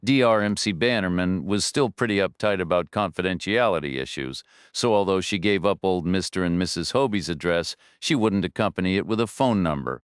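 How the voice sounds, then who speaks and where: Smooth low-voiced male thriller narrator. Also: no room sound, studio quality. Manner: steady, measured storytelling. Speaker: audiobook narrator.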